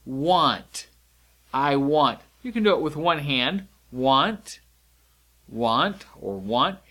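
A man's voice: fairly high pitch, expressive, extremely slow, sharp tone. A man teaching sign language vocabulary, explaining each sign step by step in a patient, demonstrating way. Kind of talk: instructional lesson.

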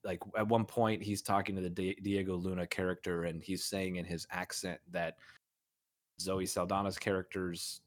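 A man's voice: low-pitched, level tone, normal speed. A man co-hosting a podcast, giving his opinion in a rambling, filler-heavy way and laughing often. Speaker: podcast co-host. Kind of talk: casual film discussion.

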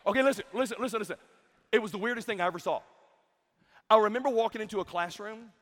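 A young adult man giving a comedic youth sermon, telling stories in an animated way and mimicking the people in them. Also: high-pitched, quick pace. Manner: animated storytelling with mimicked voices. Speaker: youth camp speaker. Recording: long hall reverb.

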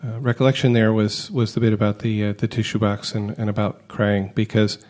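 Man, podcast panelist, lowish voice, hesitant, filler-heavy. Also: flat delivery, fairly quick, darkish tone. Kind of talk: casual podcast discussion.

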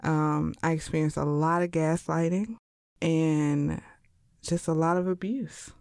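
A woman chatting casually on a podcast, telling stories and acting out her own thoughts in high voices. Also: fairly even intonation, unhurried, a little mellow, clear, resonant tone, dry recording, clean studio sound. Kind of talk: casual chat.

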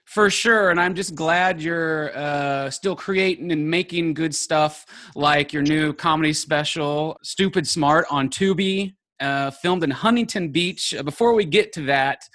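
Male interview host, higher voice, friendly, stacks questions. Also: a little slow, few pauses, a bit bright. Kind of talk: casual interview.

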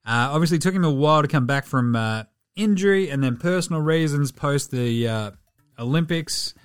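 Lively, irreverent man podcasting. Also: fairly high pitch, a little fast, smooth, soft background music. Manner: irreverent, sweary, joking. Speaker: podcast host. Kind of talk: casual sports commentary.

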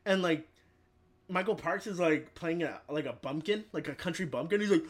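A young man co-hosting a podcast, retelling a movie in casual chat with lots of "like" and loud acted-out voices. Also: on the high side, a little fast. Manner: frequent filler "like". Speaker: podcast co-host.

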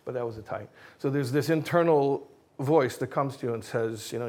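A man giving a religious talk with jokes, speaking in a casual, self-mocking and energetic way. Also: mid-range voice, fairly quick.

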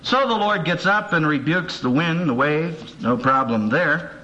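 His voice sits a little high and moves a little slowly. The man is a seminary professor lecturing with humor and energy, acting out voices for the quotes he cites. Faint hiss and a dull tone mark the old cassette recording.

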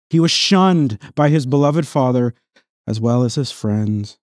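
A man preaching a sermon as pastor, reading scripture aloud in an earnest voice that swells on emphatic lines and drops low and quiet on solemn ones. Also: lively intonation, unhurried, dry recording, clean studio sound. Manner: reads scripture passages aloud within the sermon.

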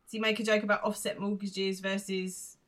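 A woman's voice: medium pitch, flat delivery, fairly quick, fairly bright tone. A woman co-hosting a podcast, chatting in an amused way and explaining local references. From Britain. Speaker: podcast co-host. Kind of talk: casual podcast recap chat.

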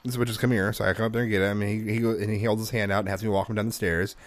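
Dry-voiced dad telling a rambling story. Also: male voice, lowish voice, level tone, racing, dry recording. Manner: rambling storyteller, acts out his toddler's lines. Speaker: podcast co-host. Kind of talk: casual chat.

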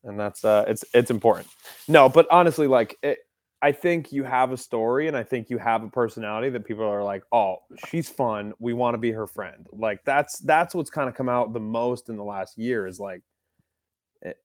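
Relaxed young man hosting, dry sound. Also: medium pitch, a little fast, no echo. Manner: relaxed, rambling, many "uh" and "like" fillers. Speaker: podcast host. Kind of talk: casual interview chat.

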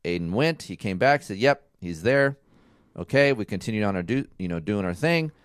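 A man in his thirties tells a story in casual, profane chat, animated and quick to act out shouts. His voice is smooth and clear, recorded close and dry with no room sound. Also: fairly low pitch, no echo. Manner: animated storyteller, swears freely, mimics shouts. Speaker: co-host of a couple's talk show.

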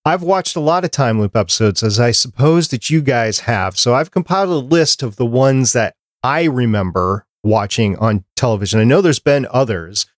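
A man's voice: mid-range voice, lively intonation, normal speed, hardly any pauses, dry recording, clean studio sound. Chatty man running down a list. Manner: runs through a prepared list, chatty and conversational. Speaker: podcast host. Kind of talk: casual podcast chat.

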